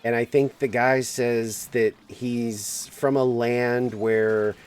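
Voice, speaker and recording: A man's voice: mid-range voice, little pitch movement, takes it slowly, darkish tone, smooth. A man streaming a game, chatting casually and rambling through stories with frequent laughs. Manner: rambling storyteller, laughs often, acts out quotes. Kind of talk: casual gaming stream chat.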